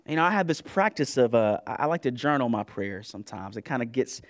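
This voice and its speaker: A man preaches with a voice that keeps swinging up and down in pitch. He talks to the congregation in a loose, colloquial way and repeats words as he builds his points. His pitch sits in the middle range. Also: lively intonation, fairly quick. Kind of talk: sermon.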